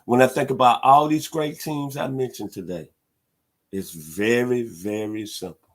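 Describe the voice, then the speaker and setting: A middle-aged man hosting a sports talk show, hyping teams in an animated, preacher-like way. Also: mid-range voice, a little slow. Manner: animated, preacher-like hype with loud hog calls.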